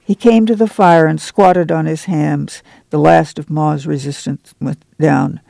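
Guy narrating a story, slow and measured, dark mellow tone, dry sound. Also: on the high side, creaky, no room sound. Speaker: audiobook narrator. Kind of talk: scripted narration.

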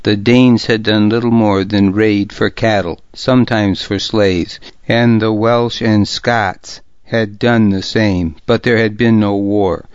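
A man narrating a historical novel in the first person, with a deliberate, gravely serious reading. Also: fairly low pitch, fairly even intonation, no echo, lo-fi sound. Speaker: audiobook narrator.

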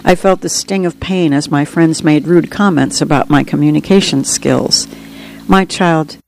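An author reading aloud from their own memoir in an earnest, steady storytelling manner. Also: medium pitch, normal speed, vocal fry, slight background noise, rough recording.

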